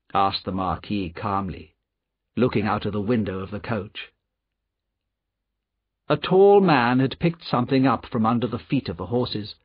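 A man narrating an audiobook in a slow, deliberate storytelling manner, in a dry, slightly dull recording. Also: medium pitch, breathy edge, no room sound. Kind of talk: scripted narration.

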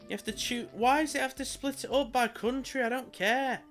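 This British gamer and video creator has a very high, slightly bright voice and talks briskly, with soft music in the background. He mutters exasperated, sarcastic let's-play commentary on a video game, dropping the occasional swear word.

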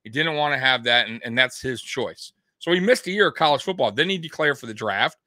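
A young man hosting a fan sports show, talking casually and ranting in an animated way, swearing now and then. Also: mid-range voice, fairly quick, dry recording, studio quality. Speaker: sports podcast host.

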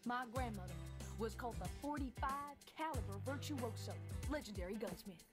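A woman's voice: a little high, animated, fairly quick, close to an everyday voice. An actress playing a brash, boastful young woman gunsmith who teases others sassily. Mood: cocky. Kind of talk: game cutscene acting. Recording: game music playing behind.

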